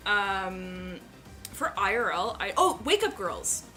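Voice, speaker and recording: A woman's voice: mid-range voice, big pitch swings, slow pace. Chatty woman. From Maritimes, Canada. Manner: chatty, joking, many "like"s. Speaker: co-host. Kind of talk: casual Q&A chat. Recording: music playing in the background. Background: background music.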